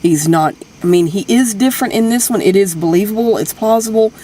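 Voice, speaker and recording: Easygoing co-host with halting fillers. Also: mid-range voice, warm tone, a little hiss or hum. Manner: agreeable and hesitant, with many fillers. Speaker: movie review co-host. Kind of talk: casual movie review chat.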